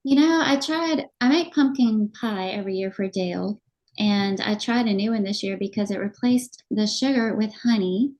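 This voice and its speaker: A woman co-hosts a podcast and chats in a relaxed, easygoing way, telling little stories. Her voice sits at an ordinary middle pitch. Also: moderate pace. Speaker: podcast co-host. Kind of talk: casual podcast chat.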